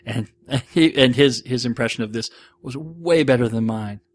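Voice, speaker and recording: Man, podcast host, casual listener Q&A, rambling, self-deprecating, mid-pitched voice. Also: normal speed. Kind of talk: casual monologue.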